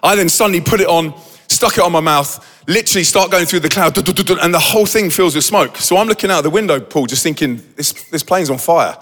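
A high-pitched man tells a dramatic story on stage, lively and acting out every voice in the scene. His voice rings through a big hall with a long reverb. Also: fast. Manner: animated, acts out the scene with quoted voices. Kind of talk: dramatic storytelling to a live audience.

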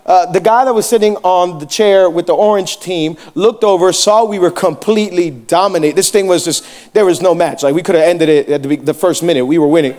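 A young pastor with a high voice preaches a sermon. He tells jokey stories and keeps asking the crowd questions. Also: fairly quick, darkish tone. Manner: joking, storytelling, asks the crowd questions.

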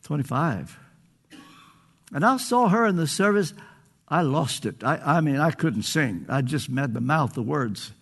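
A man's voice: fairly high pitch, lively intonation, unhurried, gravelly, a bit bright, breathy edge. An older man preaching a sermon, earnest and pleading, stretching out phrases for emphasis.

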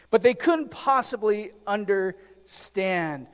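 A man's voice: high-pitched, lively intonation, moderate pace. A middle-aged male pastor preaching a conversational sermon with joking asides to the congregation. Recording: long reverb of a large hall.

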